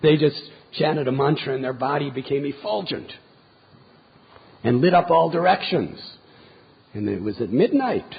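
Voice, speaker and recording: A man's voice: fairly high pitch, animated, normal speed, gravelly, pauses often, slightly rough. A man giving a scripture lecture, retelling a story vividly and drawing moral lessons from it. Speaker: spiritual teacher. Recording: dull lo-fi lecture recording.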